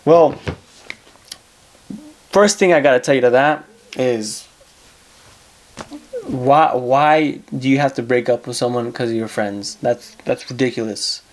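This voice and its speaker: A man's voice: medium pitch, measured pace, long pauses. Man, mid-range voice, advice show host, casual monologue, blunt, profane, repeats phrases.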